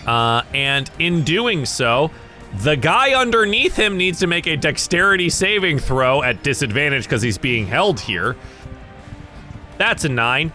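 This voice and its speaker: A man from the US South running a tabletop game as game master, thinking aloud in a halting way. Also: on the high side, pushed and bright.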